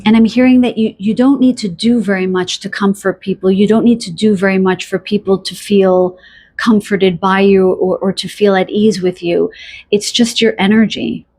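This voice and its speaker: A woman giving a pick-a-card tarot reading, talking softly and dreamily to the listener, with many fillers, pauses and restarts. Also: mid-range voice, fairly even intonation. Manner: addresses the listener directly. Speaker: tarot reader.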